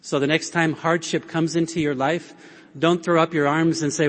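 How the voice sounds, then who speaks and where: A man's voice: fairly high pitch, steady tone, normal speed, fairly bright tone. A man giving an earnest talk at a Catholic conference, prompting his audience with questions and call-and-response. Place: large conference hall. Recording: long hall reverb.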